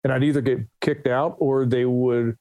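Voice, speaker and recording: A man's voice: mid-range voice, level tone, moderate pace, warm tone, dry recording. Middle-aged man telling rambling stories. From New Jersey, USA. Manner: rambling, restarts, quotes others in anecdotes. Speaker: musician guest. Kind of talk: casual interview storytelling.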